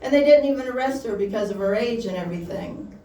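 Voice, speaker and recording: A woman's voice: a little high, lively intonation, warm tone. Giggly woman doing stand-up from afar. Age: young adult. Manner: halting, giggly delivery with frequent laughs. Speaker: stand-up comedian. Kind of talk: stand-up comedy set at an open mic. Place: small shop hosting a comedy night. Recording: roomy, distant mic with faint background noise.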